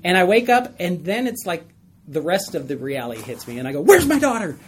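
Man teaching a lively Bible study. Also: a little high, fairly quick, a little hiss or hum. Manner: conversational, asks the group questions, tells stories with laughs.

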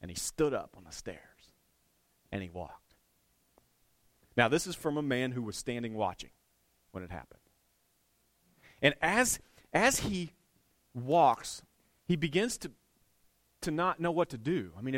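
A man preaching a sermon as a conversational, animated retelling, with restarts and light chuckles. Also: on the high side, no echo. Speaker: pastor. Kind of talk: storytelling sermon.

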